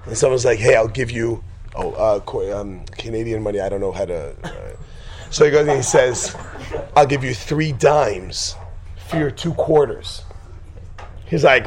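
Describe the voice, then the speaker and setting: A man with a medium-pitched, animated voice leads a class in an informal religious talk while a crowd can be heard behind him. He jokes, laughs easily, and drifts off topic before building to an emphatic, preaching tone.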